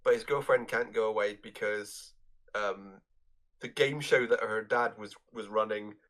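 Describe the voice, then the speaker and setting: A man co-hosting a podcast, casually recalling movie details in a halting way, repeating words and chuckling. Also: on the low side, fairly even intonation, a bit bright. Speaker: podcast co-host. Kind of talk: casual film review chat.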